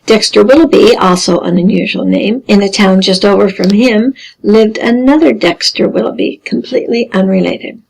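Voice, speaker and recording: A woman teaching a genealogy lesson, explaining carefully with dry deadpan humor. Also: mid-range voice, normal speed, creaky, hardly any pauses, husky, low-quality recording. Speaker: genealogy instructor. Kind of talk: recorded lesson over slides.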